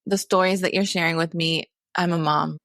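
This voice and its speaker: Woman host, gravelly voice, dry close sound, agreeing warmly. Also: on the low side, steady tone, moderate pace, dry recording. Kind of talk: interview chat.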